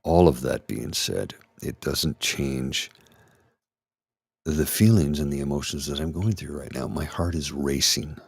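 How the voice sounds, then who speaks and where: A middle-aged man talking candidly and haltingly through an anxiety attack, his voice trembling as he restarts his sentences. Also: extremely low pitch, vocal fry, slightly rough, no echo. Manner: halting, restarts, anxious and shaky. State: anxious, trembling voice. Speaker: ASMR channel host. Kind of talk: candid personal talk.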